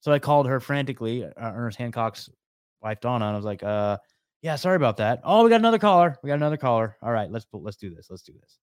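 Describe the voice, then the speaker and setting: Male podcast host from the West Coast, mid pitch, dry close sound, loose rambling delivery. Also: expressive, fast talker, clear, resonant tone, no room sound. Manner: chatty, repeats words, calls people man and dude. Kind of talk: casual call-in chat.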